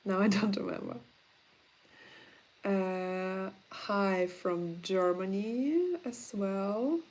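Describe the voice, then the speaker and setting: A woman's voice: medium pitch, very slow, a little mellow. A woman with a Russian accent answering viewer questions in a casual livestream, blunt and frank in her chatty talk.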